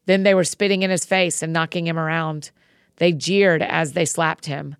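Lowish-voiced woman reading scripture and praying. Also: normal speed, smooth, no echo, studio quality. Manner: expressive reading, then soft informal prayer. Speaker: Bible reading podcast host. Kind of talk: scripture reading and spoken prayer.

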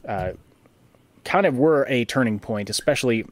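A man's voice: medium pitch, animated, normal speed, noisy background. A man hosting a gaming podcast, chatting casually and rambling through fillers and restarts. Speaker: podcast host.

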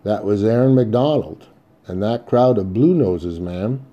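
A man's voice: on the low side, measured pace, dark tone, highs cut off, close to an everyday voice. A man voicing a guarded, earnest town marshal in a Western audiobook, pleading in a plain drawl.

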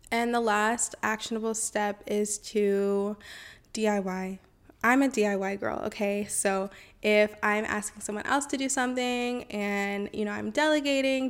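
A woman's voice: medium pitch, clear, resonant tone. A woman hosting a self-help podcast, chatty and encouraging, often saying y'all and okay. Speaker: podcast host.

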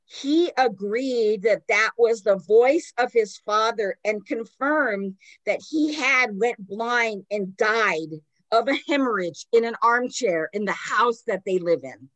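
A woman's voice: on the high side, takes it slowly, dry recording. A woman hosting a podcast with a sore throat, telling a spooky story casually and animatedly with lots of "like". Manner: animated retelling with fillers like "like".

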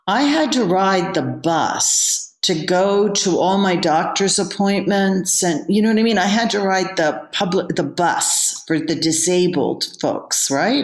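A woman, a yoga teacher, telling a candid personal story as an interview guest. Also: fairly low pitch. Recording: roomy echo.

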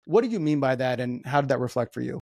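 A man's voice: medium pitch, expressive, quick pace, creaky, a little mellow, no room sound, studio quality. A man hosting a podcast in casual conversation, laid-back and swearing freely, with lots of fillers. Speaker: podcast host. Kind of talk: casual interview chat.

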